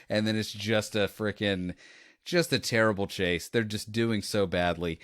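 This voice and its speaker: Podcast co-host, male, lowish voice, dry close sound, rambling animated movie talk. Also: a little slow, smooth, dry recording. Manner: rambling, animated retelling with quoted lines and laughs. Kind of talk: casual movie review chat.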